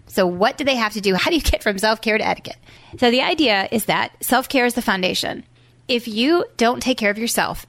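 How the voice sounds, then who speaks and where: A woman who is a parenting author and former teacher, explaining her ideas in an energetic, emphatic way on a podcast. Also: mid-range voice, dry recording. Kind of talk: podcast interview.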